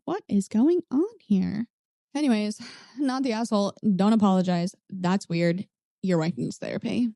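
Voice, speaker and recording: Mellow-voiced woman with sarcastic asides. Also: mid-range voice, no room sound, clean studio sound. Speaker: reddit story reader and commentator. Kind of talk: casual reading with commentary.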